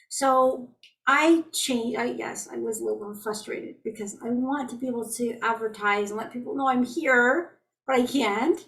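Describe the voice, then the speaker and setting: A middle-aged woman leading an online group healing call, chatting about everyday frustrations in a gently reassuring, anecdotal way. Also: a little high, normal speed. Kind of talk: casual spiritual talk to a group. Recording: voice distant from the mic.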